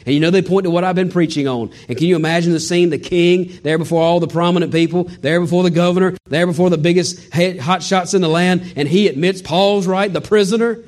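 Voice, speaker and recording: A male pastor preaching a sermon, swinging between loud exclamations and low, hushed delivery and acting out the voices he quotes. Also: brisk.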